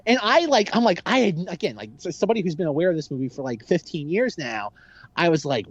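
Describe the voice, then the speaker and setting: A man chatting casually on a movie podcast, rambling with a constant "like" and acting out lines from the films. His pitch swings widely as he talks. The sound is dry and a little dull, like a home mic with the top end cut. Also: quick pace, husky, no room sound. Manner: rambling, heavy use of "like", lively impressions. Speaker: podcast co-host. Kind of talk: casual film discussion.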